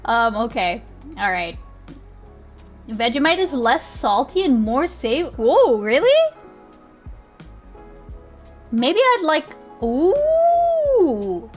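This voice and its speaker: A woman's voice: a little high, very animated, unhurried, long pauses, soft background music. A young woman streamer chatting casually with her viewers. She rambles, laughs often and swears easily. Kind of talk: casual live-stream chat.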